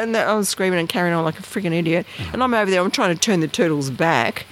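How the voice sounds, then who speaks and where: A fast-talking woman, barely pausing, tells personal stories in an interview with slight background noise. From Bathurst Island in northern Australia, she rambles casually with lots of fillers and restarts. She animatedly mimics the people she quotes, jumping widely in pitch.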